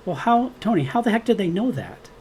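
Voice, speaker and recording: A man's voice: high-pitched, big pitch swings, brisk, a little mellow, a little hiss or hum. A man in his fifties telling his story as a guest in a casual interview, acting out quoted dialogue and laughing often. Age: 50s. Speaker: guest, experiencer.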